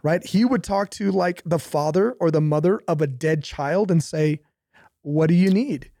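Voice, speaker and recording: A man's voice: fairly high pitch, moderate pace, vocal fry, mellow, dry recording, clean studio sound. A young man, a pastor, talking casually about faith, telling stories animatedly with laughs and repetition.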